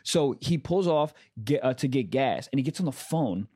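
A man telling a story in casual podcast chat, animated and acting out the people he quotes, with lots of fillers. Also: medium pitch, normal speed, breathy edge.

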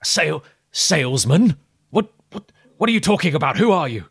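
A man's voice: lowish voice, breathy edge, no room sound, clean studio sound. A man voicing a wary, weary villager who calls out from behind a door, stammering and repeating himself. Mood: suspicious. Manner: loud, halting, stammering.

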